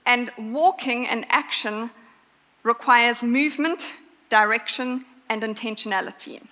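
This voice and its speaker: In a bright, forceful, fairly high voice, a woman preaches a sermon with earnest emphasis, pausing to stress her key points. Her words carry the long echo of a church hall.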